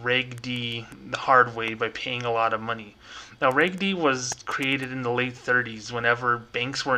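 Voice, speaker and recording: A man's voice: medium pitch, sharp tone, a little hiss or hum, low-quality recording. A young man hosting a casual solo podcast from a room at home, talking in a chatty, rambling way with many fillers. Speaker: podcast host.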